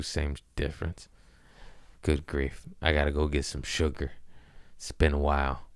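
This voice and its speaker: A man's voice: a bass voice, smooth, no room sound, clean studio sound. A man hosting a podcast, rambling through absurd comic tangents, profane and amused at himself. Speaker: podcast host. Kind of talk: rambling comedic monologue.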